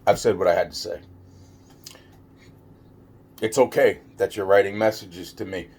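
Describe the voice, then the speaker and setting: A man's voice: sits low, moderate pace, darkish tone, a little hiss or hum. A man talking straight to camera in a rambling, profane vlog rant, repeating himself and stumbling over restarts. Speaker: vlogger. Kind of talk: ranting vlog monologue.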